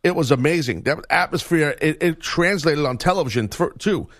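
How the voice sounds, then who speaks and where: A man co-hosting a sports radio show, talking in an animated, joking way with frequent restarts. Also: fairly high pitch, moderate pace, no room sound. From Italian heritage. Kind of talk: casual sports radio banter.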